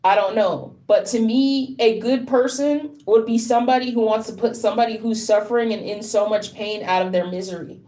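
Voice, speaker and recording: A woman with a somewhat high voice delivers an unscripted monologue straight to camera. She sounds deeply distressed, and she talks bluntly and profanely, breaking off and repeating words as she goes. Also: steady tone, fairly quick, hardly any pauses, warm tone. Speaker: vlogger.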